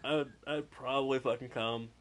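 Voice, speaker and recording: A man, a tattoo artist, chatting casually and swearing often, excitably acting out the voices of the people in his stories. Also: medium pitch, moderate pace. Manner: excitable, profane, acts out voices. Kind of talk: casual chat.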